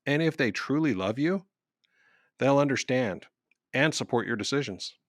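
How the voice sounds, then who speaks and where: A man's voice: mid-range voice, animated, moderate pace, no room sound, studio quality. A man hosting a podcast, giving wry, scripted commentary between story segments. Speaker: podcast host.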